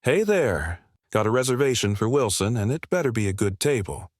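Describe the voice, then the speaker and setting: A man's voice: medium pitch, sing-song, fairly quick, dry recording, studio quality, lightly acted. A man voicing a brash, rude diner. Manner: brash, mocking, complaining. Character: loud rude middle-aged male Texan diner.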